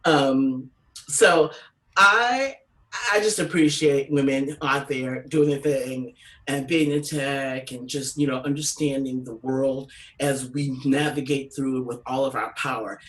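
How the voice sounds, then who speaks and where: A woman telling stand-up stories from California, animated and acting out voices with big pitch jumps. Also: a little slow, distant mic, rough recording. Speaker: comedian. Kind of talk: stand-up storytelling.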